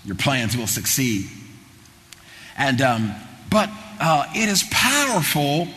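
A middle-aged man preaching a sermon, building into fervent shouting with repeated phrases. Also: medium pitch, very animated, takes it slowly. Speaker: pastor. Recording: long hall reverb with faint noise.

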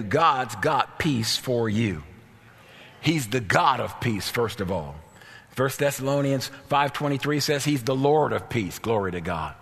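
A man's voice: mid-range voice, fairly bright tone, husky. A man preaching an evening church sermon with a fervent, repetitive cadence. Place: church sanctuary. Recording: long reverb of a church hall.

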